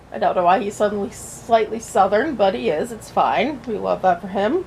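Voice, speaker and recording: A woman's voice: medium pitch, animated, normal speed, creaky, darkish tone, slight background noise. A woman vlogger reading a children's storybook aloud and breaking off into chatty, joking asides.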